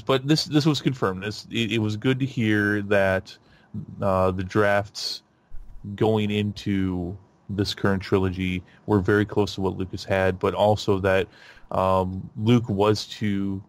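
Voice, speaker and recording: A man hosting a podcast in a casual chat, rambling with lots of fillers and restarts and getting animated. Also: fairly low pitch, a little slow. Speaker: podcast host.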